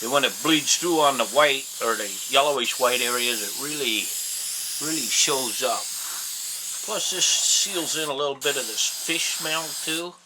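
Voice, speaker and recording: In his home workshop, a taxidermy instructor with a medium-pitched voice and measured pace casually demonstrates his craft step by step. He talks plainly and folksily with rambling asides, over hissy audio full of air compressor noise and spray hiss.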